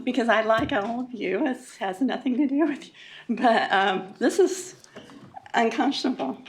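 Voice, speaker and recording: A woman from Florida giving an emotional public comment at a meeting, halting, with many fillers and nervous laughs. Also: a little high. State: emotional, upset.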